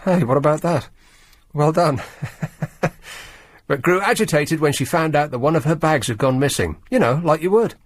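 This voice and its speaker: A man's voice: on the high side, moderate pace, long pauses, no room sound. A man hosting a talk radio show, reading out news stories and mocking them in a sardonic, conversational way. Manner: sardonic, reads news items and mocks them. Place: radio studio. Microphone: studio microphone.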